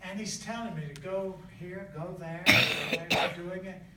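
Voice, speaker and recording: An older man from the southern United States, a traveling evangelist, telling his testimony in a folksy, animated way with laughter. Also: high-pitched, measured pace. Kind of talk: storytelling testimony in conversation. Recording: echoey room, distant mic, faint noise.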